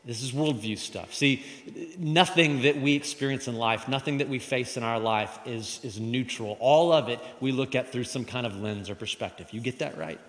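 A man preaching a sermon to a congregation, lively, calling them to repeat lines after him. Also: medium pitch, normal speed, few pauses. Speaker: pastor. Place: church hall with congregation. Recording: long reverb of a large hall.

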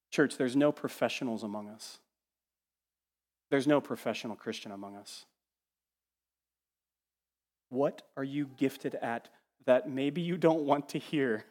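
A man preaching a sermon as pastor, animated, sometimes mimicking the voices he quotes and dropping to a hush. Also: medium pitch, unhurried, pauses often, in a large hall. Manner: animated, acts out quoted voices, swings from loud to hushed. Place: church sanctuary.

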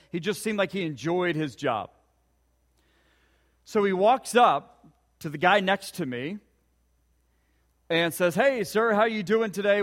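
Guy preaching a sermon, pretty high voice, earnest questions, lots of hall echo. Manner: earnest storytelling with rhetorical questions. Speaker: pastor.

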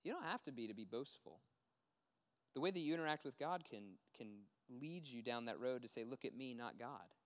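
A man's voice: mid-range voice, lively intonation, brisk, in a large hall. A man preaching a conversational sermon, acting out quoted voices as he goes. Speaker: pastor.

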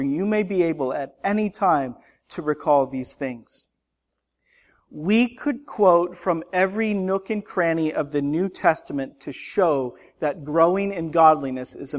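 A middle-aged man preaching a sermon as pastor, earnest and conversational, mixing scripture with personal stories. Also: a little high.

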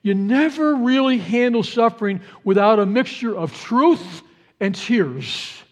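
A male pastor preaching a sermon, earnest, repeating key phrases and swinging from hushed to rising with feeling. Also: sits high, lively intonation, measured pace.

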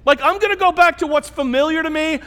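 A man's voice: extremely high pitch, quick pace, pushed and bright, voice pushed up. A man voicing an eager, restless fisherman disciple in a sermon. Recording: long reverb in a large hall.

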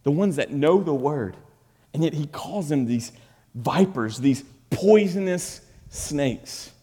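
A man preaching a sermon in a high, bright voice, swinging from forceful, emphatic peaks down to quiet, low asides. The sound carries a long reverb from a large church hall. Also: expressive, slow pace, breathy edge. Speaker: pastor. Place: church sanctuary.

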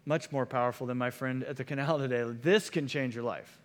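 A man's voice: medium pitch, fairly even intonation, brisk. Earnest male pastor preaching in a reverberant hall. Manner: earnest, repeats key lines for emphasis. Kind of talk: sermon.

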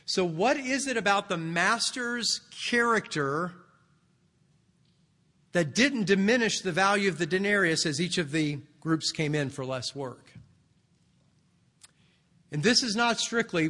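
In an expository sermon, a man preaches in a conversational, explaining style, his voice high with a bright, forward tone. Each phrase is followed by long reverb from a large church sanctuary.

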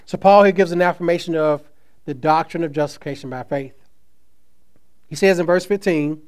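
A male pastor delivering a sermon in a slightly raised voice. He stresses key phrases slowly and lets his phrase endings fall away quietly. Between the scripture passages he slips into relaxed asides with fillers. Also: on the high side, clear, resonant tone. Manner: preaches with slow emphatic stresses and trailing soft phrase endings.

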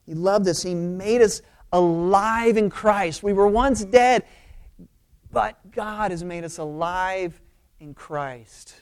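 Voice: mid-range voice, takes it slowly, clean tone. A pastor preaching a conversational sermon, informal and emphatic, often checking in with the listeners.

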